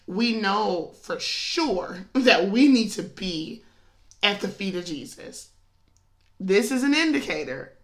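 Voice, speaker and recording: Slow-talking, laughing woman podcaster. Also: medium pitch. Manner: animated, laughs often, colloquial. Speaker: podcast host. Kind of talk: casual devotional podcast talk.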